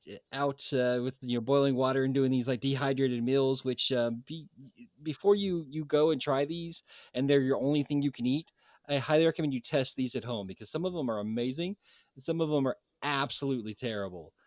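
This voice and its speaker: A man's voice: mid-range voice, a little mellow, no echo. Man, podcast co-host, joking, rambling, dry close sound. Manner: joking, rambling with many fillers. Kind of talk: casual podcast chat.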